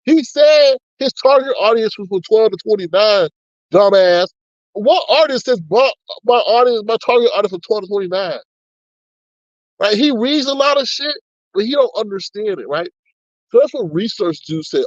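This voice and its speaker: A man's voice: high-pitched, animated, moderate pace, no echo. Profane ranting man, dull dry sound. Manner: reads chat comments aloud. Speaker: commentary channel host. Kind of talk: casual commentary on online drama.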